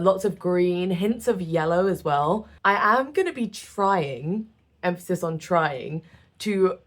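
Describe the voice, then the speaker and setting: Young British woman with a lowish voice, casual game commentary, chatty and self-mocking. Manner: chatty, self-deprecating, laughs often. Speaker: gaming creator.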